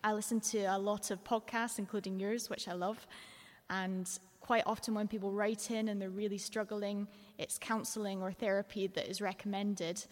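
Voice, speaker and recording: A woman asks a question at a live event in a large church. Her thoughtful, hesitant speech rings with long reverb, and her pitch is mid-range for a woman. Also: level tone, moderate pace. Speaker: audience member asking a question.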